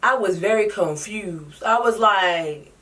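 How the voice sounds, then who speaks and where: A woman's voice: mid-range voice, slow pace, a bit bright, far from the mic. A young woman telling a travel story in a sassy, dramatic, slangy way. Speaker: vlogger. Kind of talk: casual storytime vlog.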